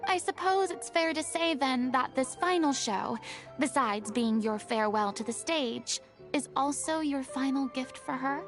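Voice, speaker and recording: A woman's voice: high-pitched, lively intonation, a little slow, soft background music. A woman voicing a dramatic young former stage diva in a video game, speaking in a flowery, theatrical way. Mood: sympathetic.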